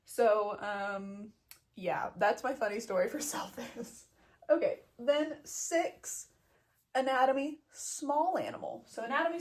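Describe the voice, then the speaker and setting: A woman's voice: on the high side, darkish tone. A young woman telling a story as a vet student in a casual vlog, blunt, self-mocking and full of swearing. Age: young adult.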